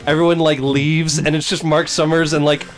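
Excitable, foul-mouthed young gamer guy. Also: a little high, normal speed. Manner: excitable, swears a lot, shouts when winning. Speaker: let's play host. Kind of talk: casual gaming chat. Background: faint game music.

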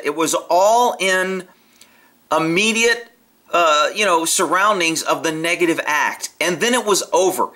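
A man's voice: on the high side, a little slow, bright, forceful tone. A man giving blunt, profane, opinionated commentary over a horse training video.

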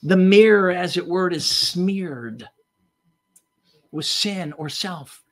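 A preacher delivering a sermon, emphatic and storytelling, swinging from loud bursts to hushed asides. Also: male voice, sits high, animated, slow.

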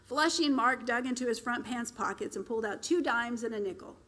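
A woman's voice: a little high, fairly quick. Woman author reading her novel aloud. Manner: steady, expressive storytelling. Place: public library.

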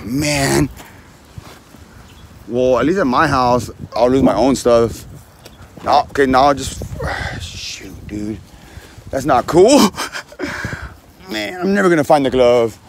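A man's voice: mid-range voice, a little hiss or hum. Rambling self-mocking young man outdoors. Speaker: vlogger. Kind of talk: casual vlog while doing yard work. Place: outdoors in a backyard.

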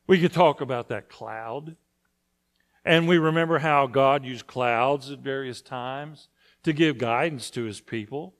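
A male pastor speaks at a medium pitch and a measured pace in a church sanctuary. His sermon is conversational, and he frequently poses questions to his congregation.

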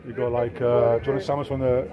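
A man's voice: medium pitch, little pitch movement, brisk, lo-fi sound. Chatty Englishman vlogging through a crowded market. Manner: chatty, pointing out stalls to camera, mixing broken Spanish. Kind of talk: casual walking vlog. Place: busy outdoor street market. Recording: noisy outdoor market crowd. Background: crowd chatter and passing traffic.

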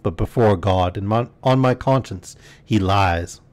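A man voicing a frightened rural farmer who makes humble, hurried excuses, pitched higher than his usual voice. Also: lightly acted. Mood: pleading. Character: frightened, pleading rough male country farmer.

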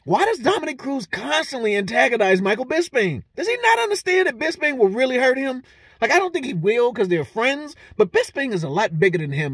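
A man giving a casual, animated fight breakdown, swearing freely and laughing often. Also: high voice, no room sound, studio quality. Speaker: fight analyst vlogger.

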